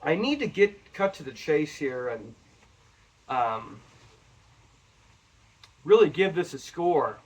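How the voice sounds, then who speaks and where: A man's voice: on the high side, big pitch swings, slow, long pauses. A man talking to his viewers in a rambling, chatty whiskey review. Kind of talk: casual review vlog. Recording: voice a bit far from the mic.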